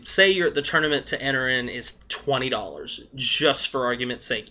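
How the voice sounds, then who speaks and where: A hoarse young man giving blunt, profane tips to his viewers in a casual vlog, coughing between points. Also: medium pitch, pushed and bright. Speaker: vlogger. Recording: dull lo-fi recording.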